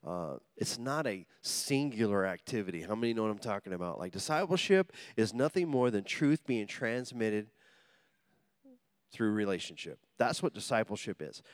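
A man preaching with an animated, swooping delivery, his pitch rising and falling constantly. He tells stories with humor, acts out the voices in them, and keeps pulling the congregation in with call-and-response. The sound is dry and close, with no room ring. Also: normal speed, clean tone, dry recording. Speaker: pastor. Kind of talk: sermon.

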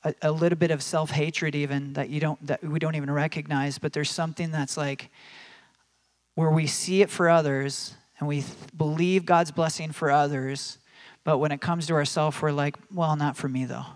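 A man's voice: on the high side, normal speed. Conversational man preaching a sermon. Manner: conversational, many fillers and restarts; animated, acts out quoted voices.

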